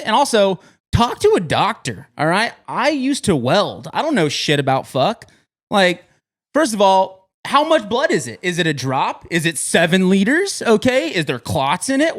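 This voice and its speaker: Profane, animated man ranting. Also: high voice. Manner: profane, incredulous, rapid-fire questions. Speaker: comedian contestant. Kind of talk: improvised comedic rant.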